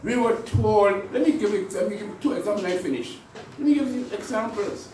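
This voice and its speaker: A man's voice: high voice, fairly quick, darkish tone, slight background noise. A man, preaching a conversational sermon full of repetitions and rhetorical questions. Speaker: priest. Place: church. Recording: echoey church from far off.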